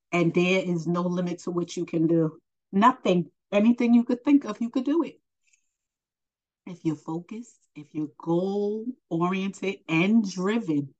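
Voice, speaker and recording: A woman's voice: lowish voice, darkish tone, muffled recording. A woman preaching informally and earnestly, encouraging the listener and addressing them as honey, emotional and close to tears. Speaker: spiritual teacher.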